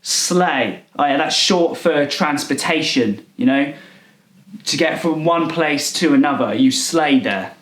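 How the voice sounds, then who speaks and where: A man playing a clueless millennial partygoer who rambles and misuses slang in a deadpan comedy monologue. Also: on the high side, slow pace, roomy sound. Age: 20s. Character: clueless self-styled cool male millennial partygoer. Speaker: comedy character.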